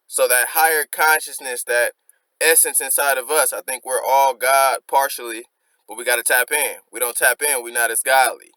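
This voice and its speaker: A man's voice: medium pitch, fairly even intonation, moderate pace, sharp tone, no echo, poor audio. A man hosting a music reaction, reflectively explaining song lyrics line by line in casual slang.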